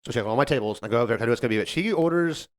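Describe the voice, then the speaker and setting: Man, casual storytelling, lively pitch, quick delivery, acts out quotes. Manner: animated, acts out customer quotes. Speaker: podcast co-host, server.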